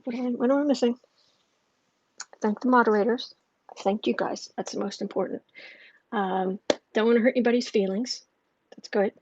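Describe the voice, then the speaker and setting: A breathy, rather high-voiced woman rambles cheerfully through a home livestream, wandering off into asides and reading out her chat. She talks into an earpiece microphone. The sound is dull and dry, with no room echo. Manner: rambling and warm, with frequent fillers and asides. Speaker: astrology and tarot livestream host. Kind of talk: chatty livestream talk, reading chat comments.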